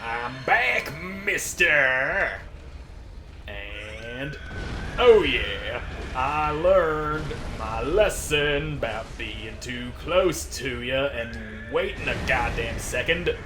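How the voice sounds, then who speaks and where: A man's voice: mid-range voice, animated, slow pace, music in the background. A man commentating his own gameplay, trash-talking enemies with goofy, profane banter. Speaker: let's play host.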